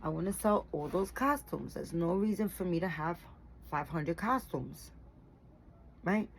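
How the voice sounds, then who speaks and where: A woman talks straight to her audience in a loose, rambling way, full of fillers and casual swearing. She sounds worn out and a little sleepy. Her voice sits fairly low, with a faint hum of room ambience behind her. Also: animated, a little slow, poor audio. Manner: rambling, chatty, tired, with frequent fillers and swearing. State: tired and yawning. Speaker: doll collector vlogger. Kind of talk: casual chat to camera.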